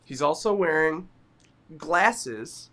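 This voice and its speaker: A man co-hosting a podcast, telling stories in a giggly, animated casual chat. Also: a little high, takes it slowly. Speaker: podcast co-host.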